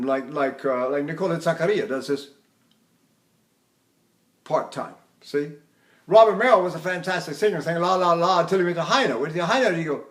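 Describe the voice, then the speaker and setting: An older man giving a voice lesson in a rambling, conversational way, now and then singing short operatic phrases. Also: a little high. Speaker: voice teacher. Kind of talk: recorded vocal lecture with sung demonstrations.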